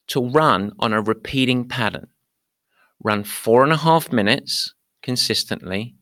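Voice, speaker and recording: A man hosting a running podcast, telling a coaching story with lively asides to his listeners. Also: medium pitch, no echo, studio quality. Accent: not American. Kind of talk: podcast monologue.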